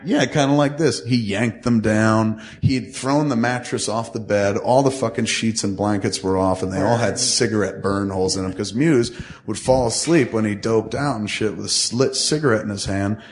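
Into a studio mic, a man with a lowish voice speaks at a moderate pace. He casually tells a long, rambling, profane anecdote, acting out the other people in the story.

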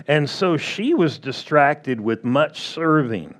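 A man preaching a sermon as pastor, drawing out words and acting out quick playful quotes. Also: a little high, lively intonation. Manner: slow, drawn-out delivery with playful acted-out quotes.

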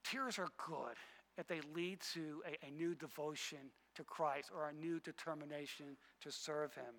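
A male pastor preaching a sermon, emphatic and repetitive, swinging between loud passages and hushed ones. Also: a little high, steady tone, normal speed, long reverb tail.

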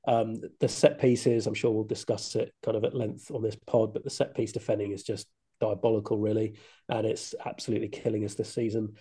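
A man's voice: fairly low pitch, flat delivery, brisk, mellow, breathy edge. A man chatting on a football podcast, musing in a hesitant way with lots of ums. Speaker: podcast guest. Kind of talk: casual football podcast chat.

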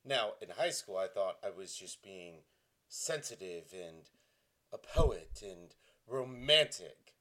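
A man's voice: deep voice, animated, slow, pushed and bright. Self-mocking man in his forties. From Tennessee, US. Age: 40s. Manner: self-deprecating, mock-dramatic delivery. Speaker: comedic vlogger. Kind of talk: self-mocking dramatic reading.

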